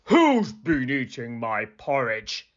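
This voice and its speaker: A great big father bear with a gruff, growling voice, put on by a man reading a storybook. The sound is dull and lo-fi. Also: mid-range voice, wildly swooping pitch, takes it slowly. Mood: grumbling.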